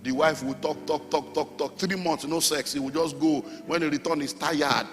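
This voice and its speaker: A middle-aged Nigerian man preaching a sermon as pastor, animated, with sudden shouts and sung phrases. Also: on the high side, normal speed. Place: church hall. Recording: long hall reverb, faint music.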